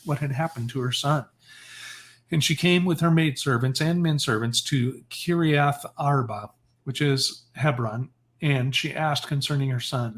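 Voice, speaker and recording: A man reads an old religious text aloud on a livestream. His voice sits at an ordinary middle pitch, and his steady, measured delivery breaks now and then to fix a stumbled word. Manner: steady, measured reading with occasional self-corrections. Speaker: scripture reader. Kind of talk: reading scripture aloud on a livestream.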